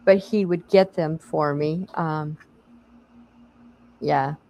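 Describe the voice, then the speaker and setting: A woman's voice: low-pitched, fairly even intonation, slow pace, dark tone, rough recording. A middle-aged woman hosting a bingo stream, chatting casually and laughing as she calls out winners. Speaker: stream host. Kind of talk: casual chat.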